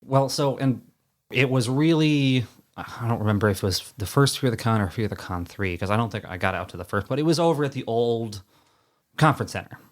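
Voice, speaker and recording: A man's voice: mid-range voice, lively intonation. Rambling man guesting on a podcast. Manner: rambling, halting, self-deprecating. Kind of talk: casual podcast chat. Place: studio.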